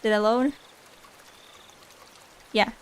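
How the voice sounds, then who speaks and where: Young woman streamer, slightly high-pitched and giggly, casual late-night chat at a home desk mic. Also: fairly even intonation, very slow, slight background noise. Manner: giggly, laughs often between lines. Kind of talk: casual game livestream chat.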